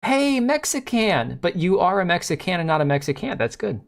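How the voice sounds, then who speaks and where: A man's voice: high voice, quick pace, creaky. A man in his forties hosting a casual live stream, joking sarcastically and answering chat.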